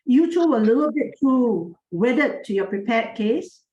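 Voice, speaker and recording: A woman giving spoken feedback as a moot court judge, her voice clear and made to carry. She talks frankly but kindly, with fillers and restarts. The sound is echoey, as in a bare room. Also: fairly high pitch, lively intonation, measured pace, dark tone, dull audio, slight background noise. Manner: clear, projecting voice.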